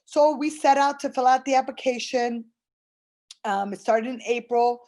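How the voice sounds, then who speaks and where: A woman's voice: on the high side, moderate pace, a little mellow. A middle-aged woman giving an earnest personal testimonial, retelling conversations with fillers and restarts. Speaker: program client giving a testimonial.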